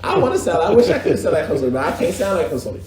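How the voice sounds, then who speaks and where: A man teaching a casual religious class, talking in a lively, slangy way and mimicking recitation styles. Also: fairly high pitch, very fast, a loud crowd. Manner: animated, conversational, slangy, imitates recitation styles. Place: echoey mosque classroom. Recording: echoey room with faint background ambience.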